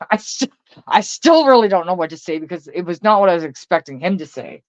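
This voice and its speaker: A woman's voice: on the low side, animated, normal speed, pauses often, a little mellow, no echo. Lady in her 40s or 50s venting, swears a lot, keeps laughing, dry lo-fi sound. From Canada. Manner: blunt and profane, laughs often between lines. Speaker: vlogger. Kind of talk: casual profane rant.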